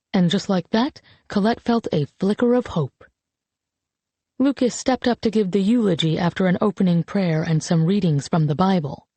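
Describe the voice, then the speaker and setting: A woman reads a novel aloud in an audiobook with a dark, mellow tone. Her storytelling is even and measured. The recording is dry and close. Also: lowish voice, no echo. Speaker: audiobook narrator. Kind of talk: scripted narration.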